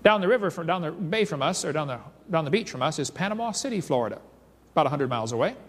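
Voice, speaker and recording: A man giving a seminar lecture, telling stories in an animated way and reading accounts aloud. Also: on the high side, fast talker. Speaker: creationist seminar speaker. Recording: reverberant lecture hall.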